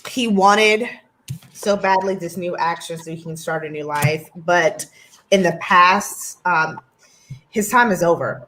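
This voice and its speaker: A woman's voice: lowish voice, a bit bright, a little hiss or hum, poor audio. An American woman co-hosting a casual chat, rambling through stories with many ums and asides. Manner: chatty, many ums,喜 tangents. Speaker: co-host.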